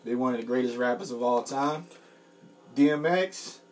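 Man, podcast co-host, easygoing and playful, casual banter, mid-pitched voice. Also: moderate pace, darkish tone. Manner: laid-back, enthusiastic about music, playful.

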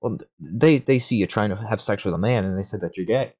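A young man co-hosting a podcast, telling an absurd story in a halting, deadpan way. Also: lowish voice. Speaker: podcast co-host.

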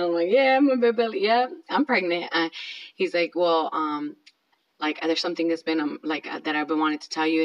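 A woman's voice: low-pitched, lo-fi sound. A woman in her thirties telling a personal story in a casual, chatty way, with lots of fillers. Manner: chatty, filler-heavy, self-conscious.

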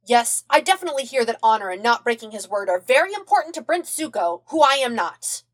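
A proud young prince speaks stiffly and defensively, voiced by a woman reading a podfic. He puffs himself up and tries to sound grand. His voice moves lively between lines. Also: fairly high pitch, brisk, pitched above the performer's own voice. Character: proud, prickly twelve-year-old banished prince. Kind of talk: podfic character voice.

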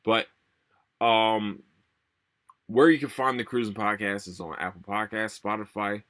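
A young man hosting a solo podcast, rambling and swearing a lot, tired and low on energy. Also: steady tone, measured pace, a bit bright. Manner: profane, rambling, repeats himself. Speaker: podcast host. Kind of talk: casual solo podcast rant.

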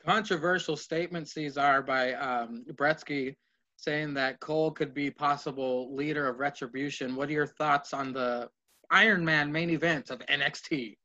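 A man with a fairly high voice runs through a wrestling match blow by blow, reading from notes at a brisk clip. He swears casually as he goes. The sound is dull and lo-fi. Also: steady tone, sharp tone. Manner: rapid play-by-play, swears casually. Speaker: podcast co-host.

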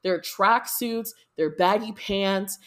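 A young woman from the United States hosting a podcast, chatting casually in a rambling, excitable way with lots of fillers and swearing. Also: mid-range voice, slow. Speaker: podcast host. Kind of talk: casual chat.

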